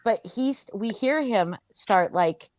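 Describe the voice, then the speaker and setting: A woman telling a crude anecdote in casual chat, animated, swearing and full of fillers. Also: mid-range voice, takes it slowly, no room sound. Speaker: storyteller.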